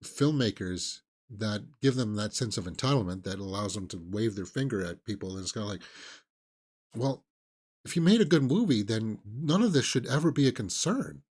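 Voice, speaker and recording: His voice is fairly low, animated and slightly rough, with a darkish tone and moderate pace. As host of a casual movie news live stream, he rambles through opinions with lots of fillers and restarts, mocking celebrities sarcastically through impressions.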